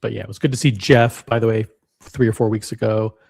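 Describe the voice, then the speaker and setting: A man's voice: on the low side, fairly even intonation, fairly quick, vocal fry, darkish tone, breathy edge. A man hosting a casual livestream, rambling and joking at his own expense as he chats to viewers. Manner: rambling, joking, self-deprecating. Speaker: livestream host.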